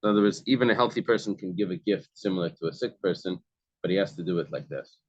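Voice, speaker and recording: A man with a low voice leads a study group. He reads a passage and then explains it in plain words, pausing and restarting often. The sound is close and dry. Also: breathy edge, no echo, lo-fi sound. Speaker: Talmud class leader.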